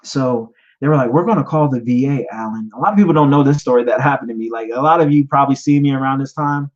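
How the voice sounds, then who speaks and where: A man in his thirties speaks in a medium voice, telling his own story as a podcast host. He is choked up and near tears, pausing and repeating himself as he talks. The recording is slightly dull and lo-fi. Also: mid-range voice. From United States. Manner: emotional, halting, repeats himself, gets choked up. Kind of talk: personal testimony, live stream talk.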